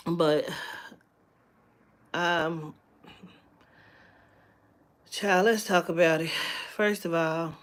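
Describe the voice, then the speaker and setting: A woman chatting on a live stream from home, rambling and candid, swearing freely with lots of fillers. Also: lowish voice. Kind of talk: casual live-stream chat.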